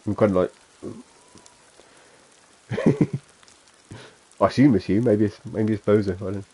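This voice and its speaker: A man with a broad Suffolk accent talks through his game stream in a low, mellow, slightly husky voice. He rambles and mocks himself, chuckling along the way. The talk is loose and unscripted. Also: fairly even intonation, measured pace. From England. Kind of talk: casual gameplay chat.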